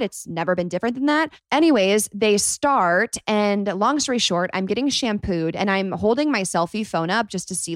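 A woman's voice: medium pitch, dry recording, clean studio sound. Rambling young woman telling a story. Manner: rambling, animated retelling full of "like". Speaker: podcast host. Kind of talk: casual storytime monologue.

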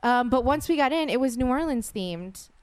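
A woman's voice: high voice, moderate pace, clear, resonant tone. Chatty woman telling a travel story. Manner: animated, laughing, acts out quoted voices. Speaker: podcast co-host. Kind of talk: casual storytelling chat.

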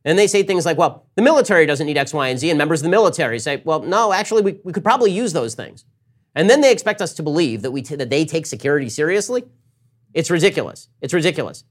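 Male political host, slightly high voice, very fast sarcastic monologue with mocking asides. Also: lively intonation. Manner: rapid-fire, sarcastic, mimics opponents in quick asides.

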